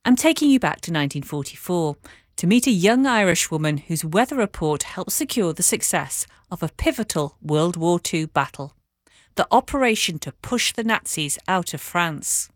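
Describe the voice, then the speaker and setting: A woman's voice: on the low side, animated, normal speed, no room sound, studio quality. A woman presenter reading a scripted introduction to a history programme. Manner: crisp, announcing. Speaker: radio presenter.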